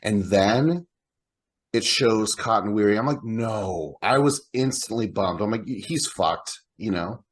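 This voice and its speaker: Husky-voiced man chatting about films. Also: fairly low pitch, lively intonation, moderate pace. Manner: laid-back, swears, laughs often. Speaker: podcast co-host. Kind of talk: casual movie discussion.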